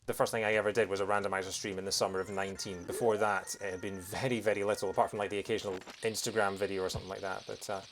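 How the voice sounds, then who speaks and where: A man's voice: lowish voice, flat delivery, rapid-fire, hardly any pauses, noisy background. A young man with a strong accent, chatting casually and hesitantly while streaming a game. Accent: strong non-American accent, from outside America. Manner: hesitant, with fillers and restarts, self-deprecating. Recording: music playing behind.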